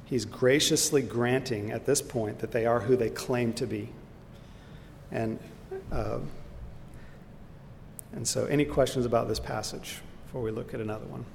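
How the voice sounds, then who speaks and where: Man leading a church Bible class, mid-pitched, earnest and explanatory, echoey hall with faint background rumble. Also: steady tone, moderate pace, creaky. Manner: earnest, explanatory, with fillers and restarts. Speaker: Bible teacher. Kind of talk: Bible study lesson.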